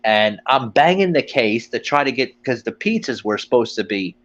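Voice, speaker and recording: A man's voice: medium pitch, expressive, moderate pace, fairly bright tone, highs cut off. Guy rambling thru a cussing story, voice jumps up and down a lot. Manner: profane, rambling, quotes people in put-on voices. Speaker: podcast host. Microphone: phone line.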